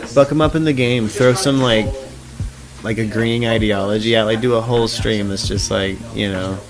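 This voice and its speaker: A man's voice: fairly low pitch, fairly even intonation, normal speed, over music. A man with a Southern US accent hosting a casual, profane late-night stream chat and laughing often. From Arkansas. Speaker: streamer and talk host.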